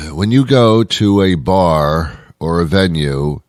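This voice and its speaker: A deep-voiced man hosts his talk show, riffing sarcastically and rambling from one gripe to the next. The sound is dry and close, with no room around it. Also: slow, dry recording. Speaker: radio show host. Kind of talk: casual comic monologue.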